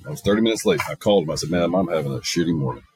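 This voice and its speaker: A man's voice: low voice, very fast, a little mellow, no echo, rough recording. A middle-aged man hosting a casual monologue, telling stories in a blunt, profane way. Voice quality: gravelly, husky. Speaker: podcast host.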